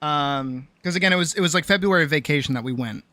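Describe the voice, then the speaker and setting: A young adult woman streamer telling a story in a casual, animated rant, swearing often and full of fillers. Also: low-pitched, fast talker, no room sound.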